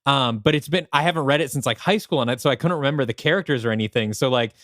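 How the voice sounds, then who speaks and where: A man's voice: medium pitch, fast, fairly bright tone, dry recording, studio quality. A young man co-hosting a podcast, laid-back and joking, laughing easily. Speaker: podcast co-host. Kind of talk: casual podcast chat.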